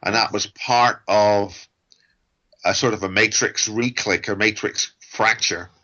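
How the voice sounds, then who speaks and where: A middle-aged man with a low, forceful voice holds forth as a guest, rambling from point to point with wry jokes. His audio is dull and lo-fi, as if it came over a call. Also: fairly even intonation, measured pace. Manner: ranting, digressive, wry. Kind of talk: rambling interview talk.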